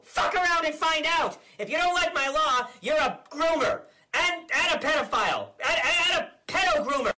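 Comedian doing a shrill, brassy ranting politician, stammering and self-important. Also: male voice, bright, forceful tone, heavily acted. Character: blustering smug male governor, middle-aged. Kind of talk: satirical sketch impression.

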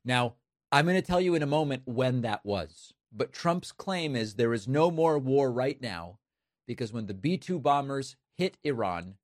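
A man's voice: mid-range voice, lively intonation, normal speed, no room sound, clean studio sound. A man hosting political commentary, emphatic and incredulous, with a sarcastic edge. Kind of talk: casual spoken commentary.

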